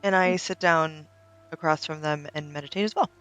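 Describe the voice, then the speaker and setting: A woman's voice: low-pitched, normal speed, fairly bright tone, muffled recording, faint music behind. A woman playing a tabletop game, talking in a matter-of-fact way and sometimes speaking in character. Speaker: player. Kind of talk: tabletop role-play chat.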